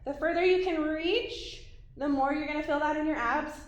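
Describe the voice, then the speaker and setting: This is workout instruction from a woman whose high-pitched voice keeps a normal speed in a reverberant space. Leading an ab routine, she encourages listeners and talks through every exercise while performing it, sometimes getting winded.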